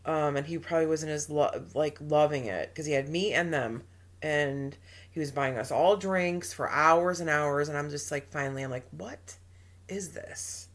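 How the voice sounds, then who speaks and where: A woman with a slightly low voice co-hosts a casual advice podcast. She talks emphatically, trails off often, and acts out quotes in her stories. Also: moderate pace. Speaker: podcast co-host.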